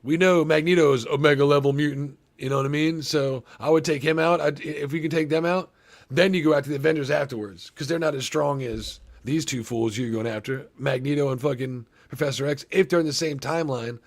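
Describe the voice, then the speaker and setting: A man hosting a casual trailer reaction, talking in a rambling, profane, excitable way with lots of restarts. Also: a little high, fairly quick. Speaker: movie reaction host.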